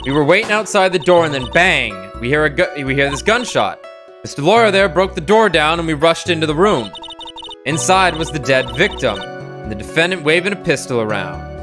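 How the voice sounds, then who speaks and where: A man's voice: a little high, expressive, a little fast, over music, pitched above the performer's own voice, lightly acted. Game read: man voicing a brash Southern gal witness, chatty, bouncy delivery. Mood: excited.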